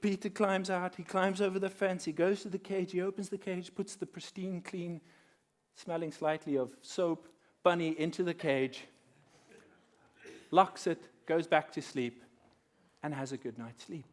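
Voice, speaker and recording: A young adult man telling a story to an audience at a workshop, animated and acting out the characters as he speaks. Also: high voice, moderate pace. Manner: animated, acting out quoted characters with big swings in loudness. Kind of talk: lively storytelling talk to an audience. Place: conference room.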